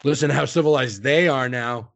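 A man's voice: mid-range voice, a little fast, gravelly, no room sound. A young American man in casual podcast banter, talking crudely and laughing often. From United States. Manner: laughs a lot, animated and crude.

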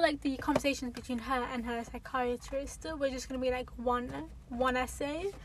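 Sitting in a parked car at a car park near an airport, a young woman hosts her solo podcast in a high, fairly bright voice. The recording is rough, airplanes are faintly audible, and her casual chat rambles along with lots of fillers and self-corrections.

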